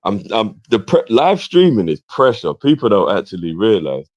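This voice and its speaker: A man's voice: lowish voice, normal speed, dry recording. A man co-hosting a casual football live stream, telling stories with slang. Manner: relaxed storytelling banter with slang.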